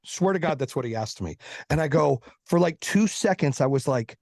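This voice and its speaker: Profane, high-voiced man telling a story. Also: expressive, creaky, darkish tone, dry recording, studio quality. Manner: profane, fast-moving anecdote with acted-out quotes. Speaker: podcast guest, entrepreneur. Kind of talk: casual storytelling.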